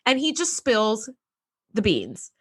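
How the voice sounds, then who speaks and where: A woman co-hosting a podcast, recapping an episode in casual, animated chat, swearing and acting out the characters' lines. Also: on the high side, takes it slowly, slightly rough. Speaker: podcast co-host.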